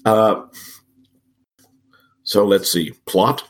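A man with a cold and a raspy, gravelly voice, co-hosting a casual podcast with wry, self-mocking asides. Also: on the low side, fairly even intonation, drawn-out words. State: has a cold. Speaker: podcast co-host.

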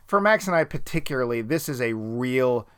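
A man from Boston co-hosting a relaxed movie podcast. He talks at an ordinary middle pitch, wandering through asides and filling the gaps with ums. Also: moderate pace, a crowd in the background. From Boston area. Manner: chatty, digressive, frequent ums. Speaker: podcast co-host. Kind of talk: casual film review chat.

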